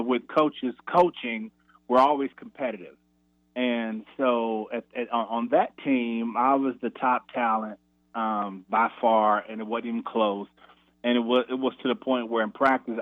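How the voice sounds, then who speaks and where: On a radio interview, a man who once played college basketball tells an animated story about practice, raising his voice to act out the quotes. His medium-pitched voice comes over a tinny, dry phone line with no echo.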